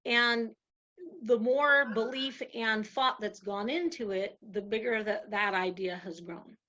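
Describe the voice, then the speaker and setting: A woman's voice: mid-range voice, a little slow, sharp tone, highs cut off. A woman guest in a casual interview, telling stories animatedly and acting out voices, with frequent laughter.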